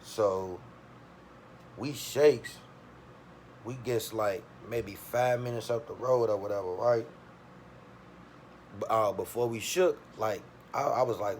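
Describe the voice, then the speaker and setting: A man's voice: lowish voice, unhurried, long pauses, slight background noise. A man casually telling a streetwise, profane story, acting out the voices of the people in it. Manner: streetwise, profane, animated retelling with quoted voices.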